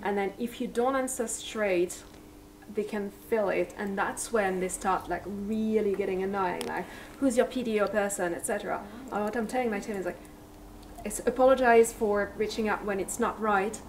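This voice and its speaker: A woman's voice: mid-range voice, moderate pace. A woman who manages a sales team, speaking in a firm, direct way as she gives her team's rules. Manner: firm and direct, giving instructions. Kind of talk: casual discussion. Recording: distant mic with clear background noise.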